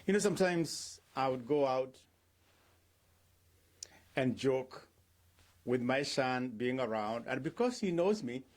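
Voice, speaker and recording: A man's voice: medium pitch, expressive, slow, pauses often. A middle-aged man speaking as a pastor in a devotional talk. He asks his listeners rhetorical questions and acts out the things people say.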